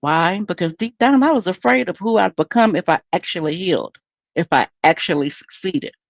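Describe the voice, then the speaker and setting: A woman's voice: fairly low pitch, normal speed, creaky, no room sound, lo-fi sound. A woman hosting a solo podcast in a candid, conversational, preachy way. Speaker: podcast host.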